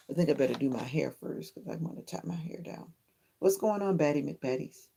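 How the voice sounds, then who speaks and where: In a low, warm, creaky voice at a fairly quick pace, a woman leads a late-night home livestream lit by a ring light. She prays first, then chats with her audience and keeps repeating her questions, with slight background noise present.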